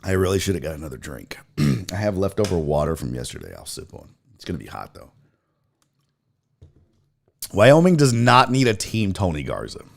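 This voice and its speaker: A man's voice: a bass voice, lively intonation, fast talker, creaky, darkish tone, husky. A middle-aged man hosting a sports talk show, rambling casually with profanity and self-mockery.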